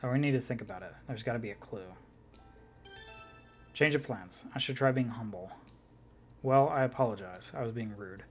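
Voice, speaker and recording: A man's voice: mid-range voice, moderate pace, long pauses, faint music behind. A man playing through a visual novel, reading its lines aloud with casual, swearing commentary. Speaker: let's player.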